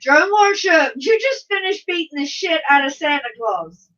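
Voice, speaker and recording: Woman, chatty stream host, high and sharp, dull and far from the mic. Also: animated, moderate pace. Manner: chatty, laughs often, reads viewers' comments aloud. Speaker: livestream host reading chat. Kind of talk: casual chat. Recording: dull sound from a distance.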